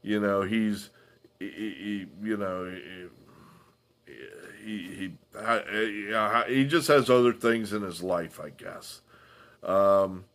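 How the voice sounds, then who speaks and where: A man hosting a solo political commentary, talking from home in a halting way with sighs and restarts. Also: fairly low pitch, fairly bright tone.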